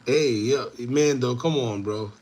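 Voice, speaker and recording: Speaking slowly in a mid-range voice, this show host addresses his online audience casually, repeating himself with lots of animation and breaking into laughter now and then.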